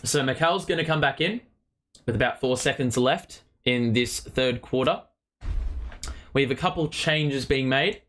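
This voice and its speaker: A man's voice: mid-range voice, measured pace. A man hosting a fan watchalong, calling the game play by play, partisan and swearing freely. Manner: partisan, swears, rises to shouts on big plays. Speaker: host of a fan watchalong stream.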